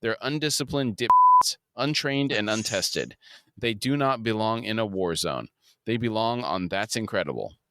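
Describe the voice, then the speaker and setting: A man's voice: fairly low pitch, huge pitch swings, normal speed, pushed and bright, no room sound, clean studio sound, exaggerated voice. A man reading aloud the curt, commanding lines of a blunt adult female military officer.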